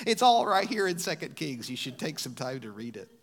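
A man preaching a sermon as a pastor, retelling a scripture story expressively, swinging from loud emphasis to hushed tones. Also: a little high, very animated, a little fast.

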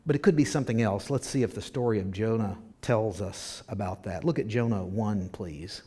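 A man preaching from the pulpit, his delivery swinging between quiet, conversational asides and sudden loud, stretched-out words. He reads texts aloud with theatrical weight and slows right down on key phrases. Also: on the low side, breathy edge. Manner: dramatic reading with sudden loud emphasis. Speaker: pastor. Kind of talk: sermon.

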